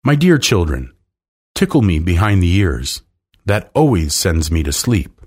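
A man's voice: deep voice, sing-song, unhurried, darkish tone, slightly rough, heavily acted. A man voicing a sleepy, affectionate panda who speaks drowsily. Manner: drowsy, fond.

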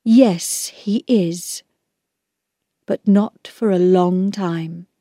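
A woman voicing a gentle, quietly sad mother, speaking softly and reassuringly. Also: lowish voice, very slow, no room sound, studio quality, exaggerated voice.

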